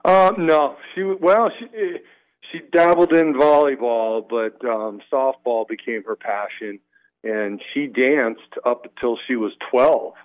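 A man calling in as a radio guest, telling stories in a relaxed way with lots of fillers. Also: medium pitch, slow. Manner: relaxed, storytelling, many fillers. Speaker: guest, former pro baseball player. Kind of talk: casual radio interview. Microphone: phone line. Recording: tinny phone line.

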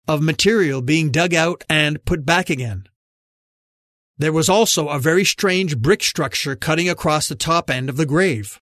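A man narrating an audiobook in a measured, even reading from a close studio mic. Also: on the high side, no echo. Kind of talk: scripted narration.

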